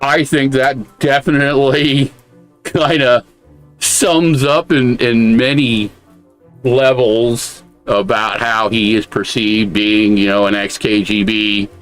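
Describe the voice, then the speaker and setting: A man's voice: mid-range voice, flat delivery, slow pace, fairly bright tone, soft background music. An American man co-hosting a podcast, giving blunt, casual commentary with a lot of swearing. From United States. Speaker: podcast co-host.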